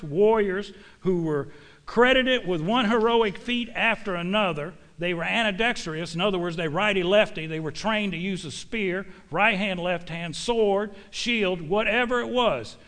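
A man with a fairly high voice for a male, a bit bright, preaches a sermon in church. His style is folksy and emphatic, leaning on homespun sayings to drive each point home to the congregation.

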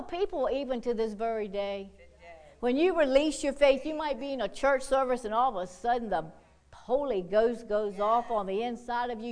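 A woman preaching a sermon with fervor, whooping and calling out hallelujahs, swinging from quiet asides to loud, bold exhortation. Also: sits high, expressive, moderate pace. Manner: fervent, punctuated by whoops and hallelujahs.

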